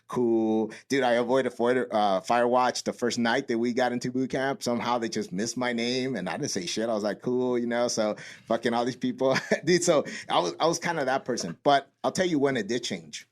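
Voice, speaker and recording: A man's voice: mid-range voice, a little fast, few pauses. A man and Marine veteran telling a boot camp story in casual, profane podcast chat, acting out the quotes.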